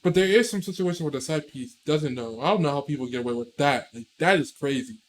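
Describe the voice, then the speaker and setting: A man's voice: fairly high pitch, animated, quick pace. A young man co-hosting a podcast, joking in casual chat and filling his talk with "like". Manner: joking, heavy use of "like". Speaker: podcast co-host.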